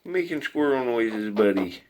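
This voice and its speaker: A man's voice: medium pitch, expressive, normal speed, darkish tone, slight background noise. A man, vlogging casually and talking baby talk to his pet squirrel. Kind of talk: casual vlog chat.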